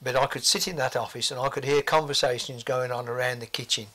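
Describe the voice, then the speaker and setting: A man's voice: mid-range voice, fairly even intonation, fast talker, bright, forceful tone. An older man, reminiscing forthrightly in an interview with blunt asides.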